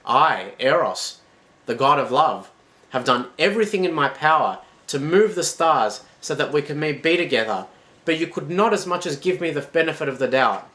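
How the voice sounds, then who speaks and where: A man's voice: a little high, animated, normal speed, pushed and bright, voice pushed up. A man voicing a young male god of love who accuses his wife in a raised, anguished voice. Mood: reproachful.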